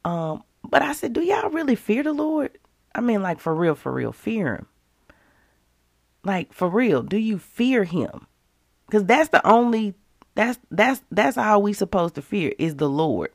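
The devotional host, an adult woman and mother, sounds very animated yet keeps a measured pace in her mid-range voice. Her casual teaching talks straight to the audience with emphatic, conversational drive, in a dry, studio-quality recording.

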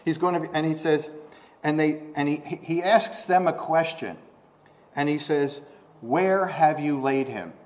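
Preaching at a measured pace, this man keeps his sermon conversational, often starting over and tossing out rhetorical questions. When scripture comes up, his voice rises louder and higher.

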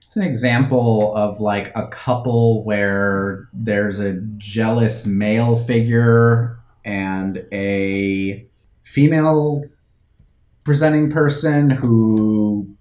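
A man's voice: fairly low pitch, fairly even intonation, slow, a little mellow, roomy sound. A man co-hosting a podcast, talking in an impassioned, opinionated casual way. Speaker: podcast co-host. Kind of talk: casual chat.

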